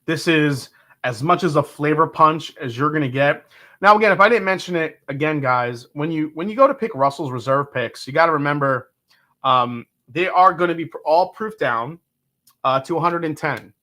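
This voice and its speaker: A middle-aged man hosting a casual livestream with a bright, forceful voice pitched a touch high. He talks with easy enthusiasm, rambling along and answering viewers' comments as they come in. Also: lively intonation, normal speed. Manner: enthusiastic, rambling, reads chat aloud. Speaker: livestream whiskey reviewer.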